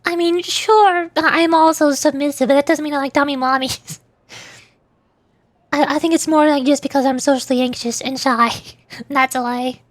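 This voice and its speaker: High-voiced giggly woman streamer. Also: flat delivery, measured pace. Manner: playful, giggly, self-teasing. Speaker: VTuber streamer. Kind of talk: casual stream chat, reading game voice lines.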